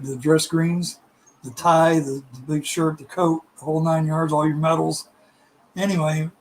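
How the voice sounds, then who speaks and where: A middle-aged man tells a rambling personal story in casual chat, his voice sitting a little high. He is animated and quick to laugh, and slips into the voices of people in the tale. A faint background noise runs under the recording. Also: low-quality recording.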